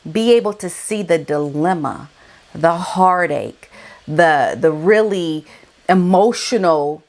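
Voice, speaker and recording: Emphatic woman giving gossip commentary. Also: medium pitch. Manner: emphatic and colloquial, repeats key words for effect. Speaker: vlogger. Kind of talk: casual celebrity gossip commentary.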